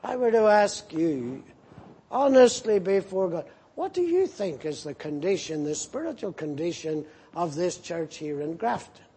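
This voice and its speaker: Male pastor, slow and deliberate sermon delivery, husky tone, earnestly rebuking. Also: high voice, big pitch swings, mellow. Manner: earnest, rebuking, emphatic repetition.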